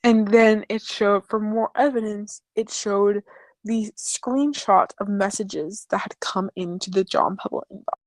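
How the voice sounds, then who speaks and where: Woman narrator for a comedic chat-log reading, sardonic, unhurried, dry close sound. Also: mid-range voice, fairly even intonation, no echo. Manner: sardonic asides.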